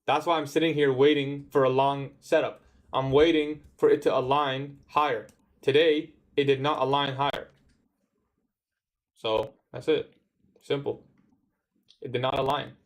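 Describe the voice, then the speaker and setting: A young man chats casually on his day-trading livestream, answering viewer comments in a laid-back way, often saying "bro" and talking back to chat. His medium-pitched voice stays level at a measured pace, with frequent pauses.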